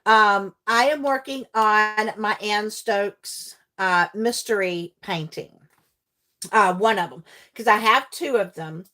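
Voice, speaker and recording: A middle-aged woman chatting casually with her livestream viewers while crafting. She is animated, laughs often and greets viewers by name. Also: mid-range voice, takes it slowly. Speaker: livestream host and teacher.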